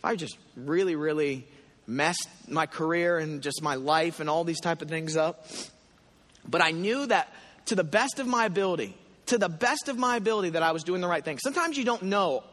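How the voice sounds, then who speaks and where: A man preaching a sermon in a church, telling a story with animated asides and acted prayers. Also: high voice. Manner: animated storytelling, voicing his own prayers. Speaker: pastor. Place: church hall. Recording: long hall reverb.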